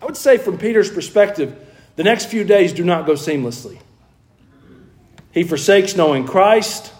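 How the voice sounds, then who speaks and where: Man, sermon, earnest, emphatic, slightly high voice, restarts phrases. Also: animated, moderate pace, a little mellow. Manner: earnest, emphatic, with frequent restarts and rising stresses. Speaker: preacher.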